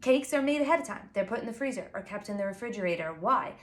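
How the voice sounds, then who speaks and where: A woman in her forties with a Long Island New York accent, a pastry chef giving a chatty, fast how-to talk full of asides and fillers. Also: medium pitch, lively intonation, a bit bright. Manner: fast, chatty and self-apologetic, with frequent fillers. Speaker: pastry chef and baking teacher. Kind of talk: casual instructional talk to camera.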